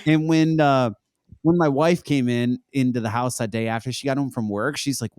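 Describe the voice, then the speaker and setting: A man's voice: medium pitch, steady tone, brisk, darkish tone, clear, resonant tone, no echo, studio quality. A young man, a podcast guest, chatting casually and telling stories in a laid-back way, laughing often. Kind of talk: casual chat.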